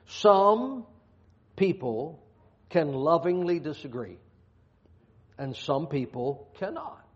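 A man's voice: on the high side, animated, takes it slowly, pauses often. A man preaching a sermon, reading scripture aloud and dropping folksy, joking asides. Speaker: pastor. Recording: dull lo-fi sound.

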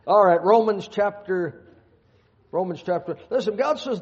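Folksy preacher, slightly high voice. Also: male voice, animated, unhurried, a little mellow. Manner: folksy, joking asides between scripture readings. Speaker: pastor. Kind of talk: sermon. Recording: dull lo-fi sound.

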